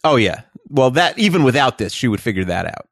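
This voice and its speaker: Man, podcast co-host, wry jokey commentary, lively pitch, dry close mic. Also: brisk, no room sound. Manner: wry, joking asides. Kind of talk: casual chat commentary.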